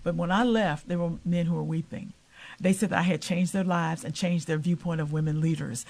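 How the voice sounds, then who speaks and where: A middle-aged woman guest on an interview show tells her stories at a brisk clip. She speaks with emphatic, preacherly conviction and slips into the voices of the people she quotes. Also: on the low side, vocal fry. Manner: animated, acts out quoted voices. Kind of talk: interview storytelling.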